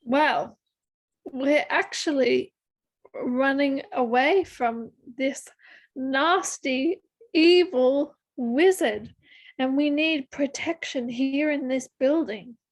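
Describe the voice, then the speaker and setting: Soft-spoken, hesitant woman, high and unhurried. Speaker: player. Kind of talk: casual tabletop play.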